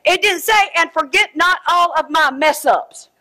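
A middle-aged woman preaching a sermon, swinging between shouted exhortation and quiet asides. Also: extremely high pitch, a little slow.

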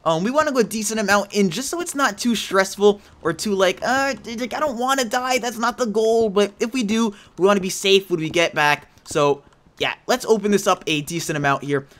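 A man hosting a video game let's play, chatting to viewers and breaking into panicky yelling when things go wrong, speaking into a headset mic. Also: high voice, a little fast. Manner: excitable, panicky yelling under pressure. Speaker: gaming channel host.

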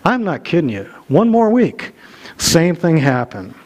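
A man's voice: fairly high pitch, big pitch swings, a little slow. A middle-aged man preaching a sermon, telling a personal story in a conversational, self-deprecating way with frequent restarts, recorded in a church. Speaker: pastor. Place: church sanctuary.

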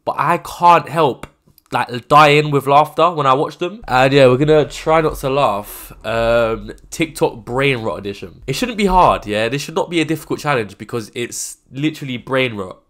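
Animated man in his twenties. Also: medium pitch, moderate pace. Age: 20s. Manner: animated, rambling, self-mocking. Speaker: host. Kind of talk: casual reaction commentary.

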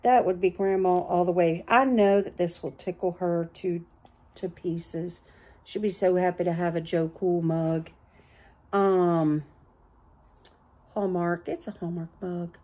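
A woman's voice: on the low side, unhurried. A chatty middle-aged woman showing off her thrift store finds in a casual home vlog, gushing over little items. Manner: chatty, excitable, gushes over small finds. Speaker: thrift haul vlogger.

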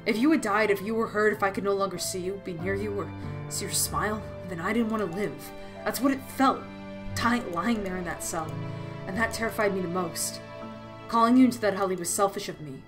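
A woman's voice: mid-range voice, brisk, close to an everyday voice. Woman reading a guilt-ridden lovesick young man. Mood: anguished. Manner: reading earnestly, confessional. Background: game music.

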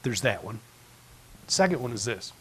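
A man's voice: mid-range voice, sing-song, normal speed, fairly bright tone, a little hiss or hum. A pastor in a church, preaching in a loose conversational way and acting out the people in his stories. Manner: conversational storytelling, acts out voices in his stories. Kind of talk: sermon. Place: church sanctuary.

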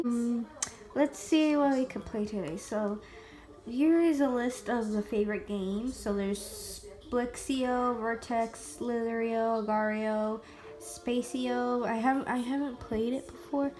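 A young woman giving casual gameplay commentary, excitable, gasping and dropping to whispers while she plays. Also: on the high side. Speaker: gamer. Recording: faint music behind.

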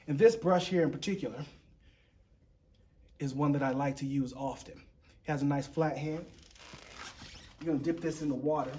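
A man's voice: a little high, a little mellow, a little hiss or hum. A man hosting a painting demonstration, talking in a playful, chatty, joking way as he walks viewers through each step. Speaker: painting show host.

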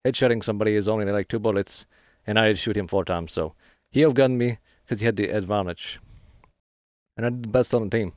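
A man's voice: on the low side, brisk, no room sound, studio quality. A man streaming a shooter game, giving frustrated live commentary with trash talk and swearing. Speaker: gaming streamer.

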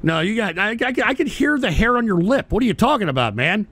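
A man's voice: sits high, very animated, fast talker, a bit bright, full character voice. A man hosting a comedic call-in radio bit in character, brash and crude, throwing boastful insults at callers.

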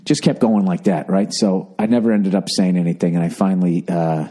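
A man's voice: sits low, steady tone, brisk, warm tone, husky. A middle-aged man telling a comic story on his podcast, ranting and profane, mocking himself along the way. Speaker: podcast host. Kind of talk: comedic storytelling monologue.

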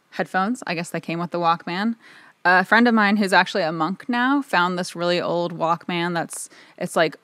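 Chatty woman with a low voice. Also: no echo. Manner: rambling, chatty, lots of filler words. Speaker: audio engineer and video host. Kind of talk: casual talk to camera. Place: own home recording studio.

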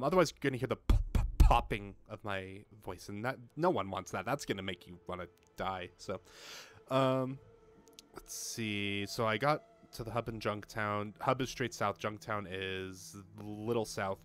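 A man's voice: fairly low pitch, fairly bright tone. A young man casually narrating his gameplay at a home mic, reading dialogue aloud and joking at himself, swearing now and then. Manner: chatty, self-mocking, swears when frustrated. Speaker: let's play gamer. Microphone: home desk mic with pop filter.

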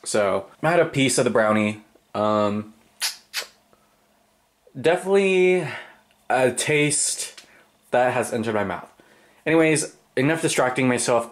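A man's voice: medium pitch, expressive, a little slow, pauses often. A young man casually narrating his day for a vlog, baking at home and joking at his own expense. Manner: self-mocking, joking asides to the viewers. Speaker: vlogger. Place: home kitchen. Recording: music playing behind the voice.

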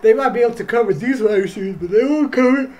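A young man hosting a casual football reaction video, excitable and slangy, calling out bro after nearly every line. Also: very high voice, quick pace. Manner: excitable, yelps and drawls "bro" constantly. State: tired, yawning. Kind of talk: casual game reaction commentary.

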